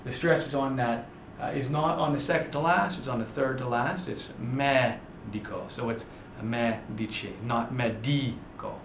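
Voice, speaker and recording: An Italian teacher with a steady, mid-range voice gives a slide-based grammar lesson in an echoey room, the audio dull with a faint hiss. He's patient and explains slowly, using lots of fillers and restarts and drawing out example words for emphasis.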